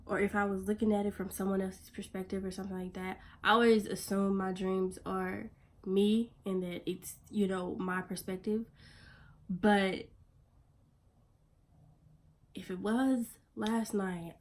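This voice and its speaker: A woman vlogging in a blunt, profane pep-talk manner, sometimes dropping her voice to a soft near-whisper. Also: medium pitch. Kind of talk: casual motivational vlog talk.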